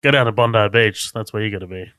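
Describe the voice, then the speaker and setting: A man co-hosting a casual podcast, talking through a TV episode in a relaxed way and swearing easily. His voice is smooth and resonant. The sound is dry and close, with no room to it. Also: fairly low pitch, fast, no room sound. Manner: laid-back, swears freely, laughs often. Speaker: podcast co-host. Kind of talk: casual chat recapping a TV episode.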